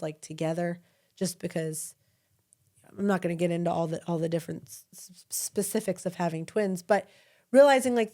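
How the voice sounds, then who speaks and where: Lively storytelling woman podcaster. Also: medium pitch. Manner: animated storyteller, laughs often. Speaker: podcast co-host. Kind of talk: casual chat.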